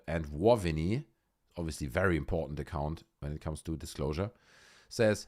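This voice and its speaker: A man's voice: a bass voice, normal speed, a little mellow. A man hosting a live online talk show, commenting sarcastically and mockingly on news clips. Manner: sarcastic, mocking, puts on silly voices. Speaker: livestream host.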